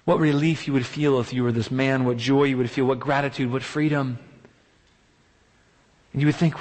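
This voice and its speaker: A man's voice: mid-range voice, steady tone, normal speed, pauses often. A man preaching a sermon, emphatic, piling up repeated rhetorical exclamations. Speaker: pastor. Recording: long hall reverb.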